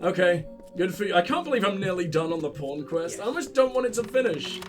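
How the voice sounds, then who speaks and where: Man, high lively voice, sweary let's play banter, headset mic, faint music behind. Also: fast. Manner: sweary, mocking, laughs at own jokes. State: sick. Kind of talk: casual gameplay commentary.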